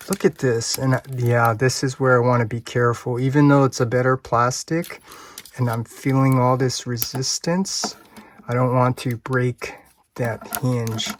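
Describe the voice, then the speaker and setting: A man reviewing a toy hands-on, thinking aloud in an unhurried, hesitant way and chuckling often. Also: mid-range voice. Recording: steady background noise.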